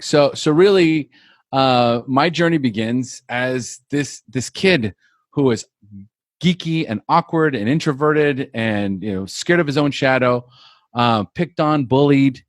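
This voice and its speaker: Man, podcast guest, earnest storyteller, mid pitch, dry close sound. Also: no room sound. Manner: earnest, repeats words while building a story. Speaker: podcast guest, life coach. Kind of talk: personal storytelling.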